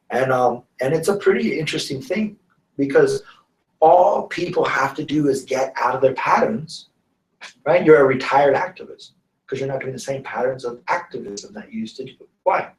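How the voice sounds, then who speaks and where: A man from the San Francisco Bay Area, USA, a guest teacher of students and clients, tells stories in a casual interview. He's a lively storyteller who acts out the voices of people he quotes. His mid-range voice sounds roomy, recorded from a distance.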